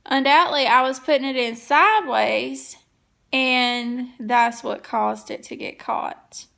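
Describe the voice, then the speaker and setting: A woman's voice: high voice, slow, vocal fry, sharp tone. A woman, chatting to viewers in a casual home cleaning vlog and telling a story from her kitchen. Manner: chatty, tells stories to viewers. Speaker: vlogger.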